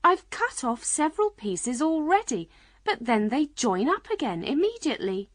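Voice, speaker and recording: A woman's voice: sits high, very animated, normal speed, no echo, pitched above the performer's own voice. A woman voicing a polite, earnest young girl who is the heroine of a storybook.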